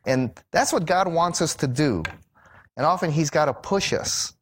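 A middle-aged man telling a personal story in a sermon, animated and acting out the voices of the people he quotes. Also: normal speed, a little hiss or hum. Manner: animated storyteller who acts out quoted voices with big pitch jumps. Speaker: Bible teacher and speaker.

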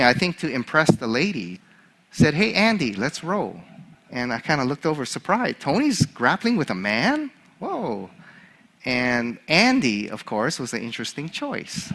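A male chaplain preaching a sermon, an animated storyteller who laughs at his own story. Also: mid-range voice, normal speed.

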